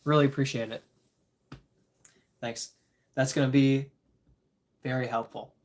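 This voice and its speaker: A man's voice: medium pitch, steady tone, measured pace, darkish tone. A tired man casually chatting with his live-stream audience, chuckling and rambling as he reads the chat. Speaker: disc golf livestreamer reading chat.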